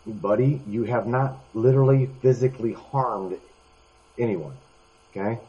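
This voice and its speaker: A man's voice: mid-range voice, unhurried, slightly rough, highs cut off. A man in a heated voice-chat debate, exasperated and cutting in repeatedly. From United States. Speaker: voice chat participant. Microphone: computer mic in voice chat.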